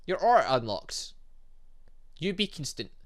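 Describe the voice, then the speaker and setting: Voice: mid-range voice, sing-song, normal speed, close to an everyday voice. A gamer voicing an old male shopkeeper who speaks in clipped, broken English, dropping little words and giving terse orders. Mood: curt.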